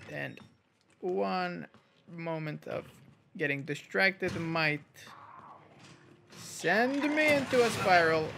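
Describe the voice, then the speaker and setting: A man's voice: high-pitched, gravelly, a bit bright, a little hiss or hum. A man giving casual, jokey commentary while playing a game, rambling, swearing and muttering to himself. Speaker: gaming channel host.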